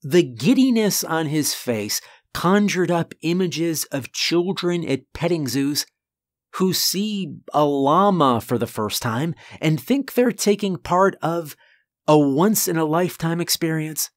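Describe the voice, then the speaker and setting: A man narrating a first-person horror story in a deliberate, earnest manner with dramatic pauses. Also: fairly high pitch, expressive, no echo.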